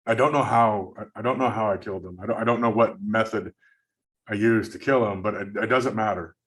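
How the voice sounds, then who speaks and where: A man's voice: lowish voice, a little fast, a bit bright. A man from California recounting a dream in casual, rambling storytelling, often repeating words and acting out what others said. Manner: rambling, repeats words, acts out quoted lines. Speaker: dream-recounting channel host.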